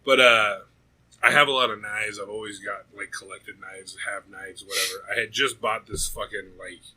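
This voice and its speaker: Podcast co-host, young adult man, husky and bright, swears constantly, rambles and tells stories with heat. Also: lowish voice, normal speed, rough recording. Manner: profane, rambling and animated. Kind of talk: casual storytelling chat.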